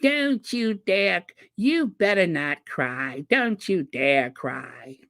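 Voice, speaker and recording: A commentator doing an impression of a well-known woman, stern and commanding, drawing out reproachful orders slowly. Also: mid-range voice, expressive, a bit bright, voice pushed up, heavily acted. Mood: scolding. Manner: slow, drawn-out, reproachful commands. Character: scolding woman, a public figure, stern and commanding.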